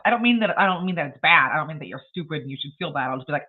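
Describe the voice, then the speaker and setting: A woman's voice: lowish voice, sing-song, fast talker, narrow, tinny audio. A woman hosting a casual writing livestream, chatting bluntly and rambling with frequent laughs. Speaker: livestream host.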